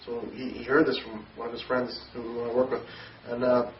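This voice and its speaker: Young man telling his story, halting. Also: mid-range voice, monotone. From Newfoundland, Canada. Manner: halting, repeats words and restarts often. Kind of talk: personal testimony. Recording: distant echoey dull recording, faint noise.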